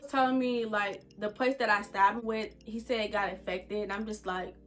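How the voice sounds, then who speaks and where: A woman vlogger telling a casual storytime, animated and chatty, full of slang and asides to viewers. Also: medium pitch, normal speed.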